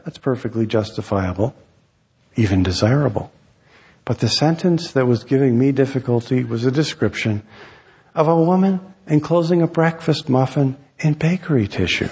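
A man, an author, reading his own essay aloud in a wry, measured storytelling manner. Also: medium pitch, in a large hall, slight background noise. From United States.

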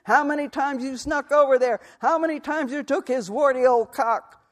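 A man's voice: very high voice, normal speed, big-room sound, voice pushed up. A man voicing a middle-aged frontier husband who bellows furious accusations at his wife in an audiobook. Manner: shouting, raging accusations. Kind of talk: audiobook character voice.

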